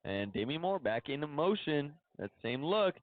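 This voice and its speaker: A man calling play-by-play at a high school football game, chatty and excitable about the action. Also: normal speed, no echo, phone-quality sound. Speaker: play-by-play announcer.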